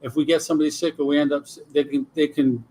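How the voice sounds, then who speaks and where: A man's voice: on the high side, fast talker. A man co-hosting a casual cigar-lounge talk show, telling stories and jumping between topics. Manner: animated storyteller, tangents. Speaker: podcast co-host. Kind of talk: casual chat.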